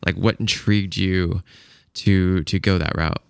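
Low gravelly host, dry sound. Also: male voice, fairly even intonation, a little slow, no echo. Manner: short affirmations and easy laughs. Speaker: podcast host. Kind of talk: interviewing, casual chat.

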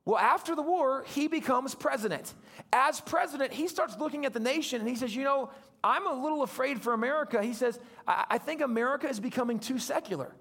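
High-voiced pastor telling a lively story. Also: male voice, a little fast, creaky, breathy edge. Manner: animated, acts out the voices in his story. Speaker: guest pastor. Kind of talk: storytelling sermon.

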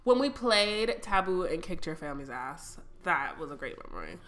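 Young woman co-host, blunt casual chatter, animated swings in pitch. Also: normal speed. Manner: blunt, swears freely, animated. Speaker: podcast co-host. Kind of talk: casual chat.

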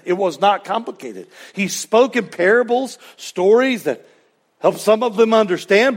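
High-voiced man preaching a sermon. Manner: conversational preaching with asides to the congregation. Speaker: pastor.

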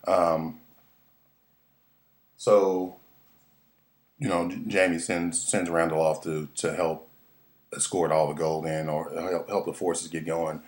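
Male recap host, extremely low voice, profane, excitable, lots of ums and restarts. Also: slow pace, long pauses. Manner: profane, excitable, rambling with many fillers. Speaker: podcast host recapping a TV episode. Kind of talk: casual TV episode recap.

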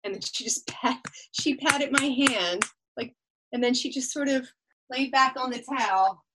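Woman, podcast guest, slightly high voice, animated, laughs while storytelling. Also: a little slow, background noise. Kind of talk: casual storytelling.

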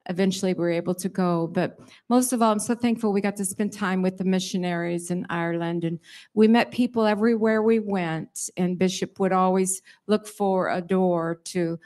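Middle-aged lady telling the church about her trip, chatty, some ums. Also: mid-range voice. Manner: warm, chatty, with fillers. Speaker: pastor's wife sharing a report. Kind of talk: church testimony.

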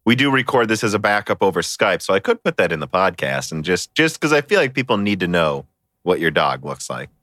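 A man's voice: deep voice, big pitch swings, brisk, a bit bright, dry recording, studio quality. A man hosting a casual hardware podcast, chatty and joking, often laughing between words. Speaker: podcast host.

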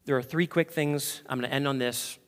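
A man preaching a sermon as pastor, moving from quiet asides to fervent, impassioned peaks. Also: mid-range voice, fairly even intonation, brisk, in a large hall. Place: church sanctuary.

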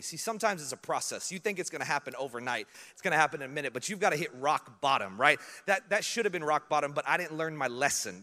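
Bright-voiced preacher telling funny stories. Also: male voice, fairly high pitch, big-room sound. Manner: humorous, animated, laughs at his own stories. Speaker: pastor. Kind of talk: storytelling sermon.

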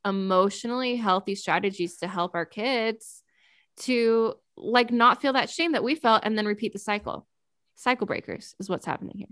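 Woman, host, slightly high voice, casual, enthusiastic. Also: fairly bright tone, no room sound. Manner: casual, enthusiastic, many "like" fillers. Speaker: podcast host. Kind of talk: casual conversation.

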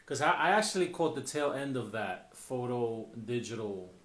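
A man co-hosting a casual podcast chat, relaxed and hesitant in his talk. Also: mid-range voice, normal speed. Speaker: podcast co-host. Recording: echoey room.

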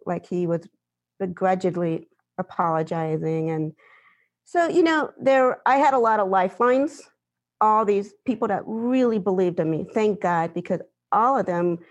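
A woman composer on a panel, telling a personal story in an animated, vivid way. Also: mid-range voice.

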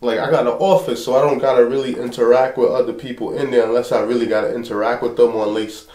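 A man's voice: medium pitch, fast. Storytelling man host in echoey room. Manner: animated storyteller, acts out quoted people. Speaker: pastor and show host. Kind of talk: casual conversation.

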